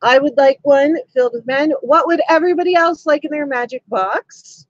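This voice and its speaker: A woman with a high-pitched voice hosts a live stream from home, speaking at a moderate pace and chatting cheekily with viewers while laughing often as she reads their comments. Her camera mic gives lo-fi sound with no echo.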